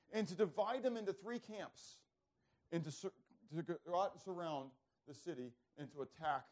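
Guy preaching, kinda high voice, asks the crowd questions, goes loud then real quiet. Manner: rhetorical questions to the congregation, swings from loud to hushed. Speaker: pastor. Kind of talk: sermon.

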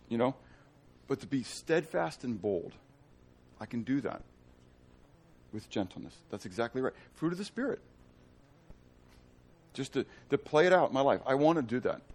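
Animated man teaching a Bible study. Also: mid-range voice. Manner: animated, joking asides and questions to the class.

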